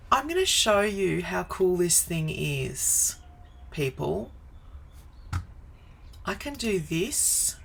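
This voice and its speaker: A woman's voice: mid-range voice, gravelly, a bit bright, slight background noise, rough recording. A woman in her forties chatting casually on a live stream from her home office, greeting viewers by name and wandering into asides. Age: 40s.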